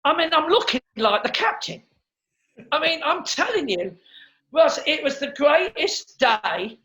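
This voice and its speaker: A middle-aged man, a comedian, telling stories in a casual interview, animated and quick to repeat words and act out what others said. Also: extremely high pitch. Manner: animated storyteller who acts out quotes and repeats words. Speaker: comedian guest. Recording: dull lo-fi sound.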